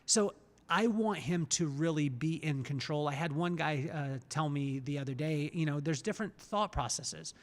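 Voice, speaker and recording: Podcast host guy, a bit high, earnest and thoughtful, long reverb on him. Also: moderate pace. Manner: earnest, reflective, repeats words as he thinks. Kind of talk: casual podcast conversation.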